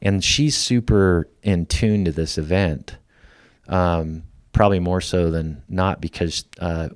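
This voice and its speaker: Deep guy in his 50s, guest on a chat show, animated storyteller, dry sound. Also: takes it slowly, clear, resonant tone, dry recording. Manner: lively storyteller who acts out quoted lines. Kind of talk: storytelling in casual conversation.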